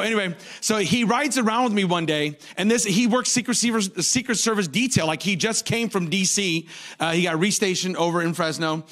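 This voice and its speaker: With a somewhat bright voice, a fortysomething pastor delivers his sermon through humorous anecdotes, now and then bursting into sudden high-pitched exclamations.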